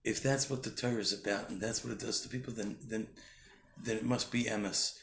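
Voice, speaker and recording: Brief: male rabbi, gravelly voice, earnest storyteller, roomy recording with faint hum behind. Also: fairly low pitch, fairly even intonation, brisk, a bit bright. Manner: earnest, restarts often. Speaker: rabbi giving a weekly Torah thought. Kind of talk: short spoken Torah talk with storytelling. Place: Jerusalem.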